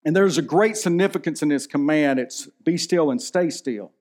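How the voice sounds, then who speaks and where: A pastor in his forties delivers a sermon in a relaxed, storytelling way. His voice sits a bit high for a man, and he talks to the congregation like he's chatting with them. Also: normal speed, few pauses. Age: 40s. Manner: conversational preaching, storytelling with movie anecdotes.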